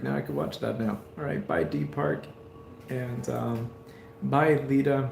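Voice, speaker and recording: A man's voice: medium pitch, expressive, slow, vocal fry, reverberant, slight background noise. A man streaming from a hospital room, giving a rambling, heartfelt talk with many fillers. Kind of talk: casual live stream chat.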